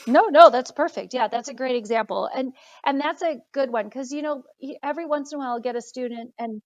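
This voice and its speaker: A woman's voice: high-pitched, quick pace, no room sound. A woman guest on an interview, an instructional coach, explaining her points earnestly and methodically. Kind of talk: casual interview chat.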